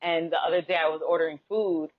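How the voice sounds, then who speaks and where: A woman's voice: deep voice, fast, phone-quality sound. A woman with a Bronx Dominican accent whose first language is Spanish, telling stories as an interview guest and acting out the voices in them. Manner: animated storyteller, acts out quoted exchanges. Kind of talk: casual interview chat.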